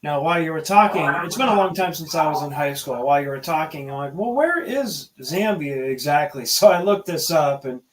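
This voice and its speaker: A man's voice: fairly high pitch, lively intonation, a little fast, few pauses. A man hosting an interview, chatty and self-deprecating. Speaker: host. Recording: echoey, far from the mic, crowd noise behind.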